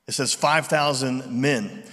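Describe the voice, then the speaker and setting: A man preaching a sermon in a relaxed, conversational way, acting out voices in his retellings. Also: mid-range voice, takes it slowly. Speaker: pastor. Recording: long reverb of a large hall.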